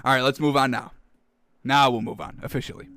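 A man's voice: mid-range voice, fairly even intonation, brisk, pushed and bright, dry recording, clean studio sound. A man hosting a sports talk show. He rants with hyped energy and keeps addressing his audience as folks. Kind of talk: excitable sports commentary. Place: studio with a backdrop.

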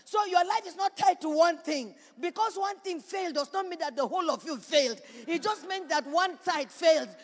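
A woman pastor preaching a sermon in a church, building to shouts and repeating her points. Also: very high voice, moderate pace, hardly any pauses. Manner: preaching with rising shouts and repetition. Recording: reverberant church hall.

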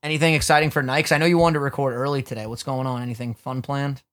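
A young man co-hosting a casual podcast speaks very fast in a steady, mid-range voice with a fairly bright tone. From his studio desk mic, he jokes crudely and swears as he chats.

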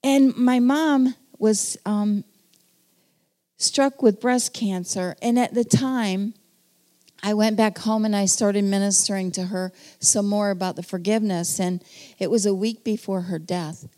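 A woman giving an earnest testimony sermon, telling her story with pauses and then calling the congregation to stand. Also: medium pitch, warm tone. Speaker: preacher.

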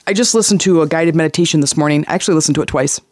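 Clean studio sound with no room ambience carries this man's fairly high voice, which comes rapid-fire. As a life coach on his motivational podcast, he speaks with earnest conviction and repeats important phrases. His storytelling is lively, complete with acted-out characters.

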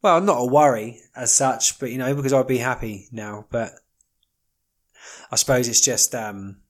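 A man's voice: mid-range voice, moderate pace. A man hosting a casual solo podcast, rambling with wry jokey asides and plenty of ums. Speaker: podcast host.

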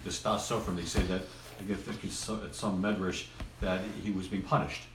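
A man offers a tentative answer in class, thinking aloud as he goes. His voice is very deep and comes from far off in an echoey room, with a faint hum around it. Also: flat delivery, brisk. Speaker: student. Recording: roomy, distant classroom mic.

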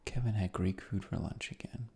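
A man hosting a sleep podcast, recapping in a relaxed, rambling way that often drops into a whisper. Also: deep voice, normal speed, creaky, husky. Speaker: podcast host.

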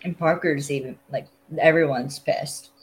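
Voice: medium pitch, steady tone, measured pace, a little hiss or hum, rough recording. A podcast host recapping a TV episode in casual chat, rambling and full of fillers. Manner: rambling, filler-heavy storytelling.

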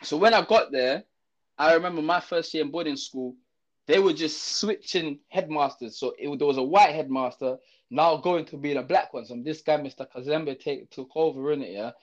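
High-voiced man. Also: moderate pace. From Zimbabwe. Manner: animated, slangy, lots of fillers and restarts. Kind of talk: casual storytelling chat. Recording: dull lo-fi audio.

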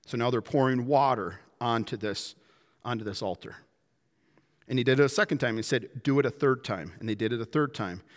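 Dramatic male preacher in a big hall. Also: mid-range voice. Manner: dramatic, acts out quotes, swings from loud to hushed. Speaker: pastor. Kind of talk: sermon.

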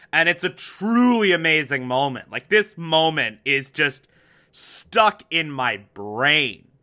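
A man's voice: a little high, pushed and bright. A young man casually recapping a TV episode, chatty and wry, with lots of fillers. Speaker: TV show recap host.

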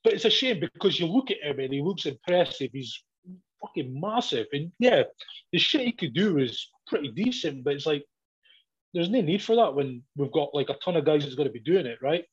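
A man, a professional wrestler, telling sweary, animated stories in casual chat and acting out both sides of each exchange. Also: a little high, fairly quick, husky. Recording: dull lo-fi audio.

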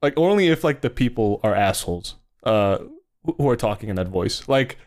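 A young New Jersey man co-hosts a podcast in casual chat, rambling with plenty of fillers and slipping into mock voices. His voice is lowish, expressive, and a little mellow at a normal speed.

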